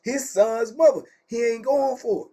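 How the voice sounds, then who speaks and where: A middle-aged man telling prison stories in casual, slangy speech, animated and acting out what people said. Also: extremely high pitch, a little slow. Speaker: storyteller host. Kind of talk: casual prison story time.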